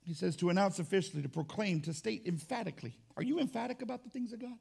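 High-pitched gravelly preacher man. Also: lively intonation, quick pace. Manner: emphatic, rising to shouts. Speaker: pastor. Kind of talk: sermon.

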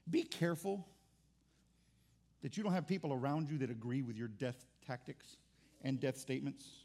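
A man's voice: medium pitch, normal speed, pauses often, darkish tone. A pastor preaching a sermon in an impassioned, conversational way, often restarting his words.

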